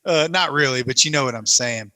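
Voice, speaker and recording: A man telling a story as a guest on a casual podcast, animated and breaking into laughter often. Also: medium pitch, brisk, dry recording.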